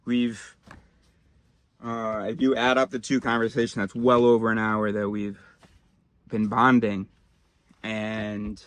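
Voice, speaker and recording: A man voicing an overfamiliar, clueless white man in a satirical skit, talking in a chummy, halting way full of ums and you knows. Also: mid-range voice, fairly bright tone.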